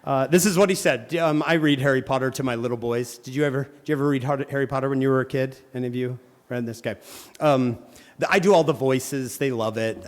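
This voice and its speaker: A man giving a playful, joking devotional talk to a youth audience, firing quick questions at the crowd. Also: mid-range voice. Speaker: youth speaker. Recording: long hall reverb.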